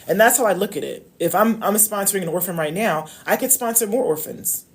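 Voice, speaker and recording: A woman's voice: medium pitch, lively intonation, brisk. A woman coaching on love, talking casually and emphatically to viewers on a live stream. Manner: emphatic, preachy, addresses viewers as y'all.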